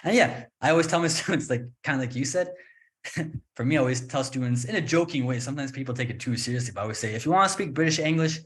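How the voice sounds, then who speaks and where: A man from Canada hosting a relaxed interview, talking at an ordinary mid pitch. He is chatty and opinionated and jokes as he goes. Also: fast talker. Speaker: host and English teacher. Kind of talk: casual interview chat.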